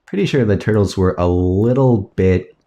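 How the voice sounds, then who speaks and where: A man casually commentating his own gameplay, rambling aloud through tangents with soft self-mocking asides. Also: lowish voice, moderate pace. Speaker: let's play gamer.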